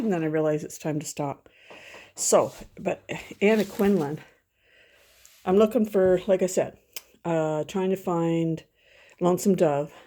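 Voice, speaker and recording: A woman vlogging from her home in a loose, chatty way, wandering off track and circling back mid-sentence. Her voice sits a little lower than most women's. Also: dark tone. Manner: chatty, rambling, frequent self-corrections and laughs. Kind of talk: casual chat to camera.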